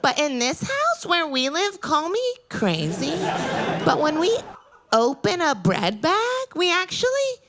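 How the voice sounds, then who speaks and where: A woman comedian putting on an impression of her fussy, passive-aggressive adult sister, with a prim, scolding, drawn-out delivery. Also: high-pitched, wildly swooping pitch, pitched above the performer's own voice, full character voice. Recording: live club recording, crowd and noise.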